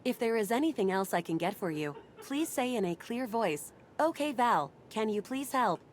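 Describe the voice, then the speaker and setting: A polite home-assistant AI. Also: female voice, fairly high pitch, normal speed, slight background noise. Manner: calm, polite, repetitive.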